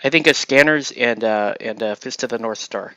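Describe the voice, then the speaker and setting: A man's voice: mid-range voice, moderate pace, bright, forceful tone, dry recording, highs cut off. A man hosting a casual chat while assembling miniatures, rambling and chuckling as he trails off and restarts. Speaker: host.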